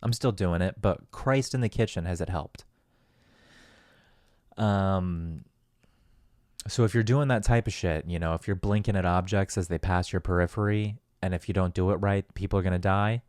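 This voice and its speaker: A man's voice: deep voice, moderate pace, a little mellow, no echo, studio quality. A man hosting a solo podcast, talking in a loose, rambling, profane and self-deprecating way. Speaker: podcast host. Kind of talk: casual solo podcast monologue.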